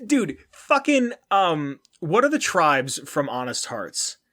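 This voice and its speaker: A man's voice: fairly high pitch, sing-song, takes it slowly, bright, forceful tone, dry recording, studio quality. A man hosting a casual podcast, rambling and joking with a profane, ranting manner. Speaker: podcast host.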